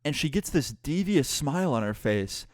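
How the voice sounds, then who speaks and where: A man's voice: a little high, moderate pace, no room sound, studio quality. Young man telling a swear-laden storytime. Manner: candid, swears freely, animated storytelling. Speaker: YouTuber. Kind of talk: casual storytime retelling.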